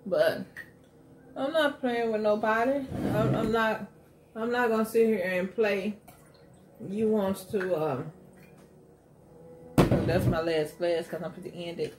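A woman's voice: medium pitch, takes it slowly, pauses often, noisy background. A middle-aged woman hosting an eating show at home, chatting candidly and with emphasis while she eats. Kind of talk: casual chat while eating.

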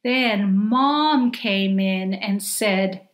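A woman reading her own children's picture book aloud in a gentle, deliberate, expressive way. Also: medium pitch, echoey room. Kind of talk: slow storybook narration for children.

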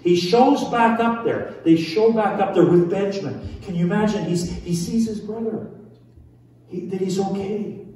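A man's voice: high voice, unhurried, mellow. A male pastor preaching a sermon in a conversational way, full of restarts and questions to the congregation. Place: large church hall. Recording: echoey church hall from far off.

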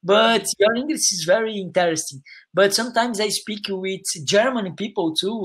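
Brazilian man, Portuguese native, English learner on a video call; halting, searching for words. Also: high-pitched, a bit bright, husky. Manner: halting, hesitant non-native English with many restarts and "you know?". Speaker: English student. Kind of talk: online English lesson conversation.

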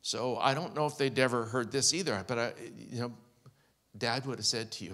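A man's voice: medium pitch, normal speed, a bit bright. A man preaching a sermon as pastor, telling a personal story with heartfelt, quoted speech. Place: large church hall. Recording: long church hall reverb.

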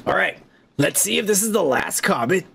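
Profane, high-voiced man hosting a podcast. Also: expressive, normal speed, gravelly, fairly bright tone, husky. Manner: profane, rambling and laughing. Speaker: podcast host. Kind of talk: casual comedic storytelling.

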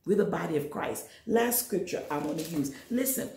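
A woman teaching Sunday school in an emphatic preaching style, talking straight to her listeners and breaking into sudden high exhortations. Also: lively intonation, normal speed, creaky, warm tone, roomy sound. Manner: addresses listeners directly. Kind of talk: sermon.

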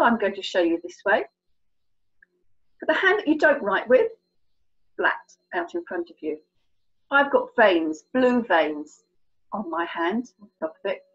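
Here an English sign language tutor, speaking British English, walks children through the signs for colours in a lively, chatty, encouraging way. Her voice sits a little high and has a slightly rough quality, and the audio's highs are cut off.

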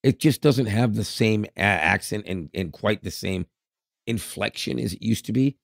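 A man's voice: lowish voice, moderate pace, gravelly, no room sound, studio quality. A Canadian man in his fifties with a Canadian accent, co-hosting a podcast in casual, rambling chat with frequent laughs. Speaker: podcast co-host.

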